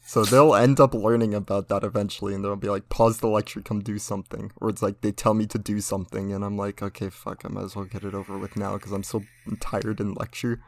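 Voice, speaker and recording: A man's voice: fairly low pitch, flat delivery, fast talker, hardly any pauses. A young man in casual chat, ranting with lots of swearing as he tells stories about his parents. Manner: ranting, profane, storytelling.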